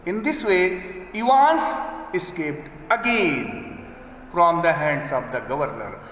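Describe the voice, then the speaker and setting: Slow, high-voiced male teacher, echoey. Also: expressive, fairly bright tone, slight background noise. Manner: paraphrases each sentence, checking understanding. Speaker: English teacher. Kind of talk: explaining a story line by line to students. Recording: echoey room with long reverb.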